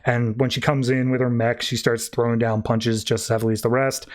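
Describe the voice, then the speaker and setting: A man's voice: medium pitch, level tone. Breezy man recapping comics. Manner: rambling, breezy summarizing with quick mock voices. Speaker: podcast host. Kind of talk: casual comic book recap.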